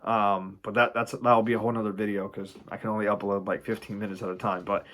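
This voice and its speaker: A man casually explaining stock shorting, animated, swearing freely and acting out panicked traders. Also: on the low side, quick pace. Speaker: investing video host.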